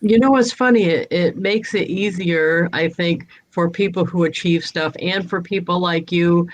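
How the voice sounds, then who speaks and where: A woman's voice: lowish voice, normal speed. A woman hosting a casual chat, cheerful and laughing often. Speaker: host. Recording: dull, dry lo-fi audio.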